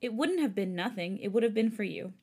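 A woman reading the lines of a hurt, angry young man in a fan story, in a soft, hushed voice. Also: mid-range voice, lively intonation, brisk, slightly rough. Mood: pleading.

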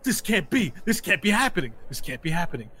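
A man's voice: very animated, fast, pushed and bright, no room sound, exaggerated voice. A man voicing an arrogant male fighter who wails in indignant disbelief at losing. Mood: outraged disbelief. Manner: shrill, indignant wailing. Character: arrogant male fighter, sore loser, whiny.

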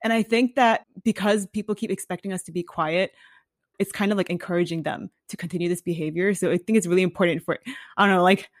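Fast-talking young American woman, frank. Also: lowish voice, fairly even intonation, no room sound, clean studio sound. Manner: rapid storytelling, frank. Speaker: podcast co-host. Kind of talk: casual chat.

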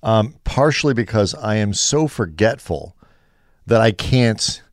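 A man's voice: fairly low pitch, lively intonation, measured pace, dry recording, clean studio sound. A man co-hosting a sports radio show, bantering and joking casually.

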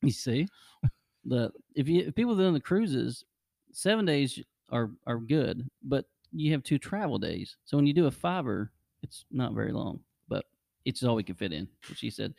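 A man's voice: mid-range voice, lively intonation, moderate pace, vocal fry, mellow, no room sound, clean studio sound. A man hosting a podcast, rambling casually through travel stories and chuckling often. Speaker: podcast host. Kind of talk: casual chat.

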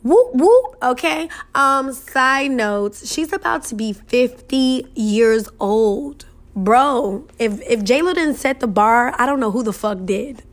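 A woman's voice: a little high, takes it slowly. A young woman chatting casually to camera in a sassy, emphatic, profane way, laughing often. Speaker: vlogger.

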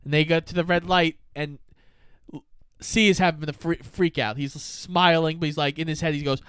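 A man's voice: a little high, fairly even intonation, moderate pace, fairly bright tone, smooth, no room sound, studio quality. A man recapping a film in casual conversation, acting out the characters' lines as he tells the story. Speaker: podcast co-host. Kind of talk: casual movie recap chat.

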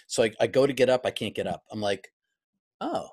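A middle-aged man speaks as an interview guest, his pitch sitting in an ordinary middle range. He tells his story reflectively, stopping to restart sentences and slipping into his own remembered thoughts. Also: brisk, a little mellow. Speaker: guest, pastor.

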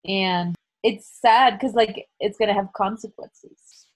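A woman co-hosting a podcast, chatting casually in a plain, unhurried way. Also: medium pitch, low-quality recording. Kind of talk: casual chat.

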